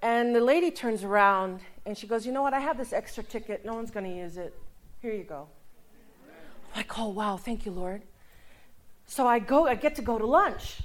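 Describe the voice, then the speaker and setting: Woman, fairly high voice, testimony sermon, storytelling, hushed asides. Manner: storytelling, acts out dialogue, drops to a hushed voice for emphasis. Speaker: speaker giving a testimony.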